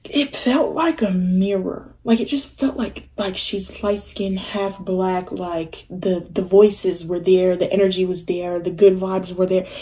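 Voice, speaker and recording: A young woman telling a story on her vlog in a casual, animated way, full of fillers and acted-out quotes. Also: on the low side, a little slow, few pauses. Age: young adult. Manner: animated, filler-heavy, acts out quoted voices. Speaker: vlogger.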